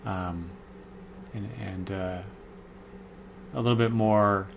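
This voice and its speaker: A man's voice: lowish voice, fairly even intonation, slow pace, creaky, slight background noise. Rambling man reviewing comics. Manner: rambling, many fillers and self-corrections. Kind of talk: casual spoken review.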